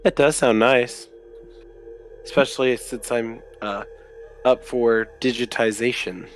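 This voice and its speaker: A man's voice: mid-range voice, fairly even intonation, slow pace, soft background music. Man playing a wry character. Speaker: player. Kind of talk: in-character role-play.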